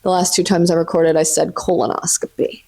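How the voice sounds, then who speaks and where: At a moderate pace, this woman speaks in a lowish, level voice with vocal fry. In her twenties, she hosts a relaxed solo podcast while sitting on the floor at home, talking freely, swearing plenty, and using "like" as a constant filler.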